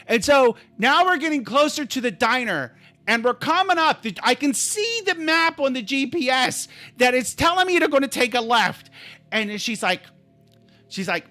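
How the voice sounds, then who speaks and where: A man hosting a live stream, telling a story in an animated, exasperated way, swinging from calm to yelling. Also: very high-pitched, normal speed, no room sound, soft background music.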